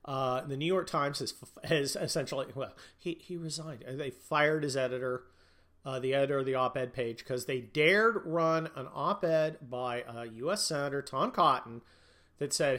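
Man, podcast host, angry political rant, swears a lot, somewhat high voice. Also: moderate pace, a bit bright. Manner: profane, sneering, mocking. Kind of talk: ranting political commentary.

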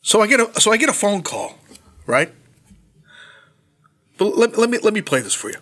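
A man's voice: sits high, sing-song, moderate pace, fairly bright tone. A middle-aged man in casual podcast chat, a profane storyteller who laughs a lot. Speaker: podcast host.

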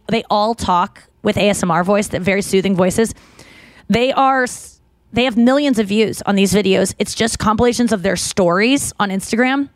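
A woman's voice: medium pitch, no echo. A woman hosting a podcast, chatting casually and rambling with lots of fillers and restarts. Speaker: podcast host. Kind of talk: casual chat.

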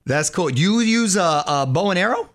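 Lively slangy man hosting an interview. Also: sits high, normal speed. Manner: friendly, laughing, slangy. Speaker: host. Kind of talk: casual interview chat.

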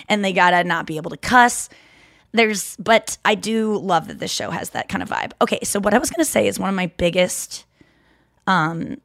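A woman's voice: medium pitch, dry recording, studio quality. A woman hosting her own podcast, talking in a rambling, self-correcting, confessional way. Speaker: podcast host. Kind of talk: casual chat.

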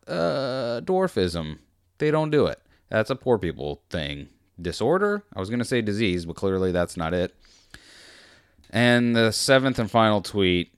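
Sarcastic low-voiced man reading tweets. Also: expressive, a little slow, clear, resonant tone, no echo, clean studio sound. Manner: sarcastic, rambling, swings between loud and muttered. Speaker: commentary video host.

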